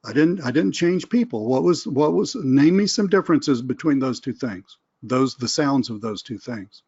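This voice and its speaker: A man's voice: medium pitch, lively intonation, normal speed, a little mellow, husky. A man teaches a live webinar in a loose, conversational way. His voice sits in an everyday middle register. The audio is a bit dull and lo-fi. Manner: casual, conversational, acts out phone calls. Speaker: sales trainer. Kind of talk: live webinar teaching with role-play calls.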